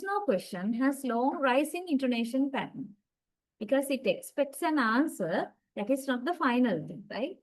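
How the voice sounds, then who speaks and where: A woman with a fairly high voice teaches a university lecture. She explains each point step by step and often checks in with the class. She also says example sentences aloud to show how they sound. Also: a little mellow, poor audio. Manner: demonstrates intonation with spoken examples.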